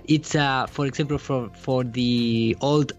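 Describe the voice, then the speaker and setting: A man guesting in a casual chat, telling incredulous stories in halting phrasing. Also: medium pitch, steady tone, lo-fi sound, faint music behind. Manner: storytelling, incredulous, halting non-native phrasing. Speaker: guest speaker.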